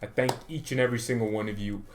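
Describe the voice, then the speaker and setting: A man hosting his own fan channel, chatting casually to camera in an excitable, rambling, self-mocking way. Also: on the low side, quick pace, a little hiss or hum.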